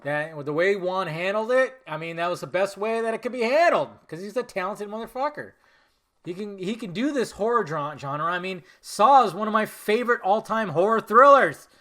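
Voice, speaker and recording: A man's voice: high voice, lively intonation, brisk, bright, forceful tone. A man hosting a film podcast in casual chat, swearing freely and rambling off on tangents with lots of self-corrections. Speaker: podcast host.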